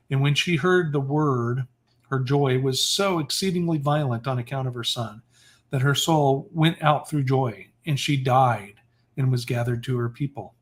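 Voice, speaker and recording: A man hosting a livestream who reads an old religious text aloud in a steady, measured way and sometimes corrects himself. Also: mid-range voice. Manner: steady, measured reading with occasional self-corrections. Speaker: scripture reader. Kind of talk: reading scripture aloud on a livestream.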